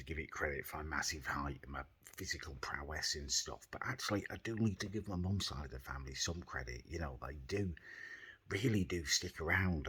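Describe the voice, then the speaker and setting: A young man vlogging casually. He talks quietly at first, then rants in an exasperated, sarcastic way. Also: very deep voice, breathy edge. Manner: quiet, subdued at the start. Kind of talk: casual vlog rant.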